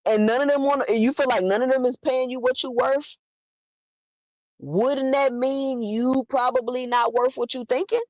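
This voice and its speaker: A woman's voice: high voice, dry recording. A woman giving an opinionated boxing commentary, emphatic and full of rhetorical questions. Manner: animated, emphatic, rhetorical questions, quick restarts. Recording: dull lo-fi dry sound.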